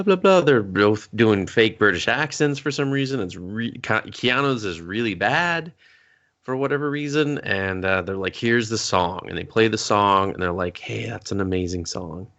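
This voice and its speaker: A man co-hosting a casual movie review chat, often mimicking characters in high, exaggerated voices. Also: a bit bright. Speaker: co-host. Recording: dull lo-fi audio.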